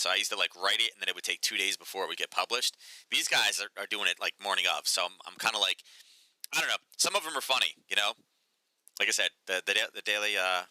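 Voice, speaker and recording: Market-commentary host, man, casual and sarcastic, bright cutting voice, dry close sound. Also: on the low side, no echo, low-quality recording. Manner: chatty, sarcastic, lots of "right?" and "um".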